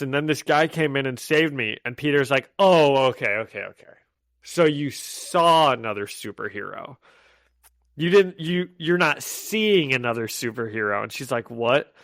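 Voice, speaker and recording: A man's voice: medium pitch, no room sound, studio quality. A man co-hosting a podcast, recapping comic issues in casual chat and acting out the characters' lines. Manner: animated, acts out quoted lines in voices. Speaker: podcast co-host.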